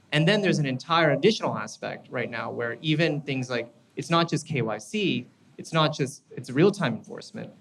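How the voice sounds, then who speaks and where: A man's voice: medium pitch, low-quality recording. A man from the United States speaking as a panelist, explaining in a conversational way and often checking in with "right?". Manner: conversational, explanatory, tag questions. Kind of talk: panel discussion.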